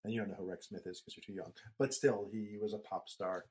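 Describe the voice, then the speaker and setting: A man's voice: on the low side, steady tone, fast, darkish tone. A middle-aged man co-hosting a podcast, telling long, rambling stories in casual chat with the odd swear word. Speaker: podcast co-host.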